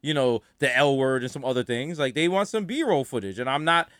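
A man's voice: mid-range voice, brisk, no echo. Co-host type: man, upbeat and jokey, repeats himself for emphasis, dry mic. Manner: animated, joking, repeats words for emphasis. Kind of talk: casual comedic banter.

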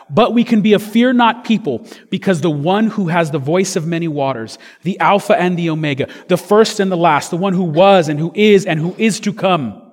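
A male pastor preaches a sermon in a large hall with a high-pitched voice. He's earnest and conversational, using fillers and restarts.

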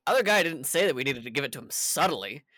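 A man's voice: mid-range voice, very animated, quick pace, pushed and bright, no room sound, studio quality. A man playing a tabletop game, chatting casually and arguing a plan. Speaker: player.

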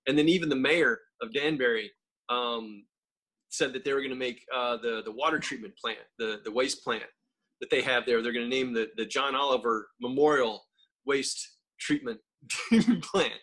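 A man's voice: medium pitch, moderate pace, a bit bright. A man co-hosting a casual podcast, telling stories in a profane, joking way. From United States. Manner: profane, jokey storyteller. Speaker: co-host.

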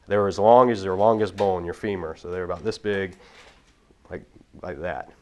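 A man with a fairly low voice gives a casual Bible lesson. He explains things at length and doubles back on his words as he thinks. The delivery is conversational rather than preached. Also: steady tone, normal speed, a little mellow. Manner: explanatory, with frequent restarts and repeated words. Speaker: Bible teacher. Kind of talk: casual teaching talk.

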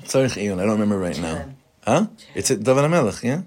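A man's voice: fairly low pitch, very animated, quick pace, darkish tone. A man, a rabbi giving an informal Torah class in a conversational way, mixing Hebrew terms into his English and putting questions to the room.

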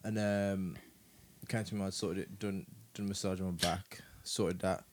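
A man's voice: deep voice, flat delivery, measured pace, noisy background. A man, co-hosting a casual podcast chat and explaining things at ease, with a sore back. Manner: laid-back, explains fitness with fillers. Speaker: podcast co-host.

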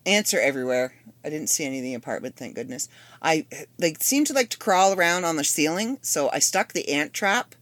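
Chatty lower-voiced woman podcaster, lively. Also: brisk, dry recording. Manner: chatty, rambling, wry asides. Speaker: podcast host. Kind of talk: casual solo podcast monologue.

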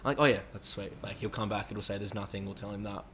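A man's voice: lowish voice, fairly even intonation, fast talker, slight background noise. A young man telling a rambling story in casual, sweary talk, acting out quoted voices. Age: young adult. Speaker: interviewee.

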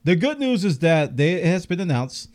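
A chatty male podcast host who talks over gaming news with real enthusiasm. His pitch swings widely as he gets excited. His voice sounds slightly worn from a long show. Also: moderate pace. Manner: enthusiastic, chatty, reads out game details. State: losing his voice, coughing. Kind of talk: casual news commentary.

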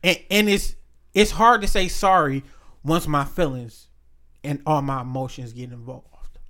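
A man's voice: on the high side, measured pace, sharp tone. A man, chatting casually and telling stories bluntly and emphatically, with quoted voices. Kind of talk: casual chat.

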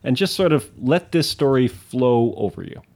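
A man's voice: medium pitch, lively intonation, moderate pace, creaky, a little mellow. A man co-hosting a podcast in casual conversation, summing up points with a wry tone. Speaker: podcast co-host.

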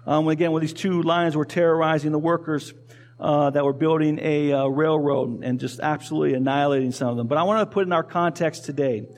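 A man's voice: a little high, fairly even intonation, brisk. A male pastor preaching a sermon in a conversational way, asking the congregation questions and repeating key phrases. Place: church.

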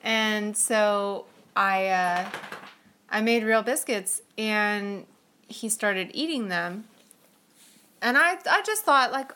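A woman's voice: mid-range voice, expressive, slow pace, pushed and bright. A woman co-hosting a podcast, telling a story in a chatty way, with lots of fillers and giggles. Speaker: podcast co-host. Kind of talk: casual storytelling chat.

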